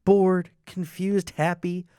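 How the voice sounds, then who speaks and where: A man's voice: sits high, level tone, takes it slowly, mellow, clear, resonant tone, no room sound, studio quality. Man co-hosting a casual gaming podcast. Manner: reads out lore entries, then comments. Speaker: podcast co-host.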